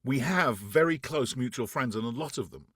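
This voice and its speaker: A man from France, a guest actor, telling animated stories in an interview, acting out quotes with restarts along the way. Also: mid-range voice, normal speed, slightly rough, dry recording, studio quality. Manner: animated anecdotes, acts out quotes, frequent restarts. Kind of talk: casual interview storytelling.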